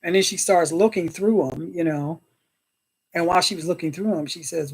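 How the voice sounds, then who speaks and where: A woman's voice: on the low side, normal speed, a little mellow, breathy edge. A woman chatting casually on a livestream, greeting viewers by name and often thanking God and Jesus. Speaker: livestream host.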